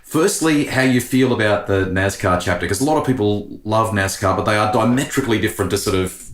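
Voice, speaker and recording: A man's voice: lowish voice, a little fast, roomy sound. A man hosting a podcast interview, giving short affirmations and asking long questions. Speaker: podcast host.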